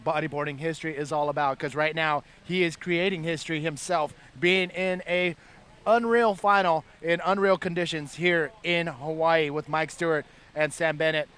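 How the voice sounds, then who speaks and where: A man's voice: on the high side, fairly even intonation, moderate pace, fairly bright tone, clean tone. A man calling live play-by-play at a surf contest, upbeat and hyping the action. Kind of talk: live sports commentary.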